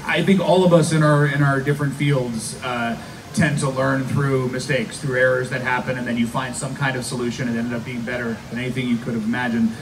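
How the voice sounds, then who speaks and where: A man's voice: medium pitch, steady tone, a little fast. Man moderating a live panel, distant mic. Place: live fan event panel. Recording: distant mic with background noise.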